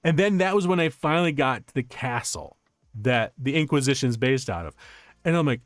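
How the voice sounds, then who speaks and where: A young man streaming casual chat, telling stories in an animated, rambling way with many restarts. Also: medium pitch, moderate pace, no echo.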